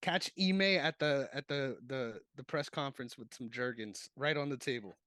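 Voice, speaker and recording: A man co-hosting a casual sports podcast, animated and laughing, swearing freely. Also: mid-range voice, normal speed, no room sound, studio quality. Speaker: podcast co-host.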